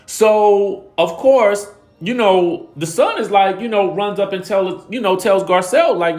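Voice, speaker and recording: A man recapping reality TV drama in an animated, emphatic, slangy way. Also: sits high, measured pace, soft background music. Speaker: celebrity gossip YouTuber.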